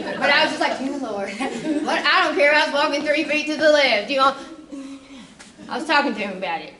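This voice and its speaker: Woman, high bright voice, emotional conversational testimony, echoey room, distant mic. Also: a little hiss or hum. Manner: emotional, conversational, often asks "you know?". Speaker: testimony speaker. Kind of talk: spoken church testimony.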